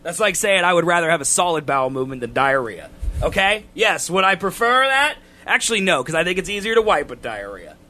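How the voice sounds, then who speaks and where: A man co-hosting a casual podcast, ranting loudly and getting exasperated. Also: fairly high pitch, very animated, brisk. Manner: loud, exasperated ranting that climbs into shouting. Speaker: podcast co-host.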